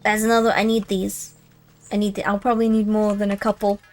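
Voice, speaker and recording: A woman's voice: mid-range voice, level tone, fairly quick, darkish tone, soft background music. A young woman streaming a game, chatting as she plays and reading the game text aloud. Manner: chatty, easily distracted, reads game text.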